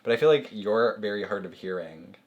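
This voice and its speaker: A man's voice: fairly low pitch, expressive, a little fast, dull audio. A young man in his twenties chatting casually as a guest, laid-back and hesitant with dry teasing. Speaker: guest boyfriend. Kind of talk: casual chat.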